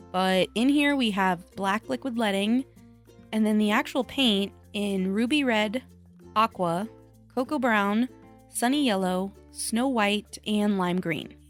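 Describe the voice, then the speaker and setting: A woman crafter talking casually to her viewers in a chatty, self-deprecating way, thinking out loud as she works. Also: medium pitch. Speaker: craft vlogger. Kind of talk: casual voice-over vlog.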